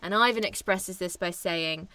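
A woman's voice: on the low side, moderate pace, sharp tone, no room sound. A young adult woman co-hosting a podcast, talking casually and animatedly about a film, laughing often. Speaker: podcast co-host.

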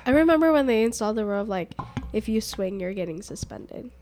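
A woman guest on a casual podcast, adding quiet, laughing asides. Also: mid-range voice, lively intonation, fast. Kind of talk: casual chat.

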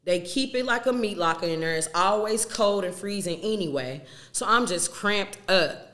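A woman's voice: medium pitch, expressive, normal speed, a bit bright. A young woman talking candidly to her listeners in a casual, emphatic way, with slang and swearing. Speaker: podcast host.

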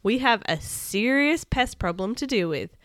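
Give me a woman voicing a young boy hero from a storybook, high and excitable. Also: unhurried, dry recording, studio quality. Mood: anxious. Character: young boy hero, nervous but eager.

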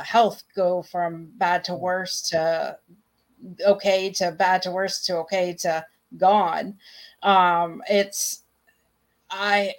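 A woman talking casually as a guest, hesitant and restarting her sentences, laughing now and then. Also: on the low side. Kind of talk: casual conversation.

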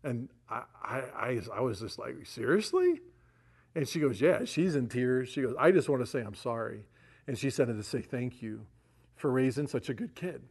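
A man's voice: mid-range voice, moderate pace, darkish tone, breathy edge. A middle-aged man, a pastor, telling stories in a folksy, chatty sermon with frequent asides to the congregation. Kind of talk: sermon storytelling.

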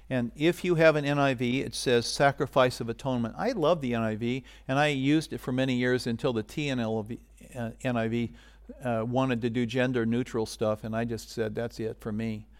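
A middle-aged man preaching a sermon as pastor, animated and getting loud for emphasis. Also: mid-range voice.

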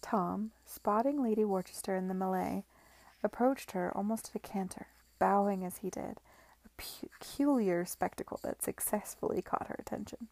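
A woman reading a novel aloud with measured, expressive storytelling. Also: medium pitch, dry recording. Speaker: reader.

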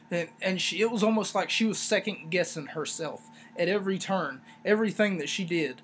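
A man with a high, light voice runs through his review in loose, rambling chatter and doubles back on his own points with sarcastic asides. A faint hiss sits under the recording. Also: moderate pace, hardly any pauses, a bit bright. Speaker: wrestling review podcast host. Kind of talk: casual solo review talk.

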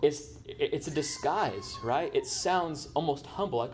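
A man's voice: a little high, expressive, measured pace, slight background noise. A man preaching a sermon as pastor, in a conversational way, often checking in with "right?". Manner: conversational, tags points with "right?".

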